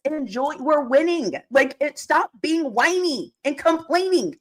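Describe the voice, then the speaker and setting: Excited, ranting woman with a lively voice. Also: sits high, unhurried, hardly any pauses. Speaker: guest co-host. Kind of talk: live stream sports chat.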